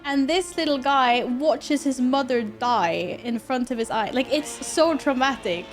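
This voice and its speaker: A woman's voice: high voice, unhurried. A woman livestreaming a game, chatting casually with viewers, thanking tippers and reacting expressively. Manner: expressive, often laughing. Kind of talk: casual live-stream chat with viewers. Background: in-game music.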